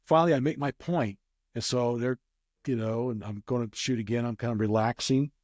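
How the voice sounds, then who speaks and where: A man's voice: mid-range voice, fairly quick, darkish tone, no room sound, clean studio sound. A man telling a rambling casual story as an interview guest, with many restarts. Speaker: guest, craps player.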